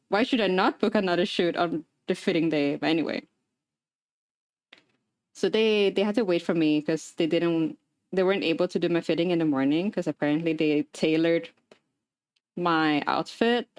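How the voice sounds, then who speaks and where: A woman livestreamer telling a story in casual chat, animated and laughing often as she talks while assembling a paper craft. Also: fairly low pitch, clean tone, dry recording, clean studio sound. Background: talking while assembling a paper craft.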